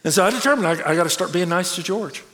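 A man preaching a sermon, telling a personal story in an animated way and acting out the people he quotes. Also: sits high, fast. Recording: long reverb of a large hall.

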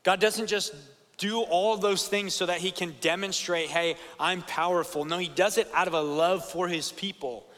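A man's voice: fairly high pitch, a bit bright, big-room sound. A young man preaching a sermon to students, earnest and conversational, often checking in with "right?".

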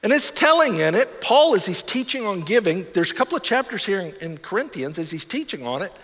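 A man's voice: high-pitched, very animated, brisk, fairly bright tone, long reverb tail. A man preaching a sermon in a conversational way, often acting out the voices of imagined listeners. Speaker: pastor.

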